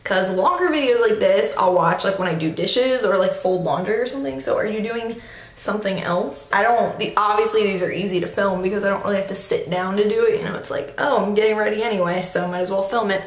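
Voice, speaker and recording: A woman's voice: mid-range voice, fast talker. A woman in her twenties talks through her makeup in a loose, chatty way, making fun of herself and stretching out slang words. Her voice sits in a middle register. The room around her has a noticeable echo. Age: 20s. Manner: chatty, self-deprecating, drawls slang words. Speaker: beauty vlogger. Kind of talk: casual get-ready-with-me chat. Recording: echoey room.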